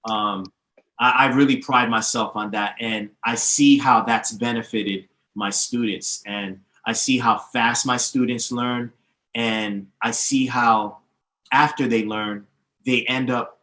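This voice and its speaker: Sharp in tone and mid-range in pitch, this man speaks as a guest in a podcast interview. A DJ teacher, he's confident and emphatic while explaining at length and going through names and history, recorded with a roomy echo.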